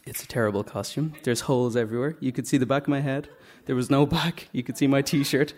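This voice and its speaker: A man's voice: medium pitch, fairly even intonation, quick pace, darkish tone. A man from Dublin with a Dublin Irish accent, telling a funny, self-mocking story live onstage and acting out the voices. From Dublin, Ireland. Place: stage at a live story night.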